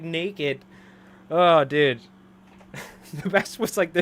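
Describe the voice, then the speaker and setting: A man's voice: fairly high pitch, lively intonation, moderate pace, a bit bright, slight background noise. A man in his thirties chatting casually on a live stream while tying flies, rambling and laughing often. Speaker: live-streaming fly tyer.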